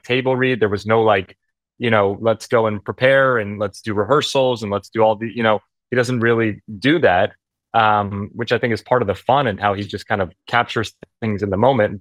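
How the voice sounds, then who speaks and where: A man's voice: lowish voice, dry recording. A man guesting on an interview, telling a story in a casual, rambling way with many fillers. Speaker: actor guest.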